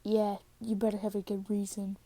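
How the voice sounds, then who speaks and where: A woman voicing an irritable, curt teenage boy hero in a spoken fan story, close to her own voice and often hushed. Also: medium pitch, completely flat delivery, moderate pace, no echo, close to an everyday voice. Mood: irritated.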